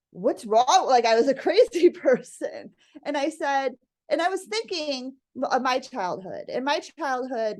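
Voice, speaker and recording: Lively, animated woman telling a story. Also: a little high. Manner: animated, acts out family dialogue, laughs often. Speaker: guest. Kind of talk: casual storytelling interview.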